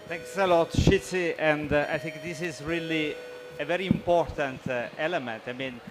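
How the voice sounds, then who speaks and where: A man's voice: on the high side, moderate pace, music in the background. A man with an Italian accent moderating a panel, hesitant and full of fillers.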